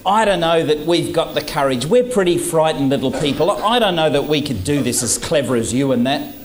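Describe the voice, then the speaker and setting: A timid customer who doubts he could ever manage the job, hesitant and self-deprecating, voiced by a man acting out a scene. His voice drops lower than his lively everyday tone. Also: a little fast, close to an everyday voice. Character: timid, unsure male prospect.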